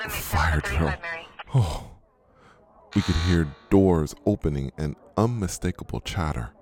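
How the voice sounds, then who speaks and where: A man narrating a mystery story in a slow, hushed way, sometimes dropping to a whisper, over faint music. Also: rumbling low, gravelly. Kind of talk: scripted audio drama narration.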